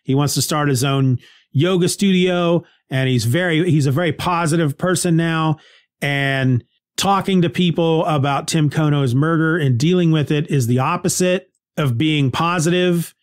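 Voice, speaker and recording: A man's voice: on the high side, normal speed, no room sound, studio quality. A man hosting a podcast, casually recapping a TV episode in a rambling way, restarting sentences and laughing lightly.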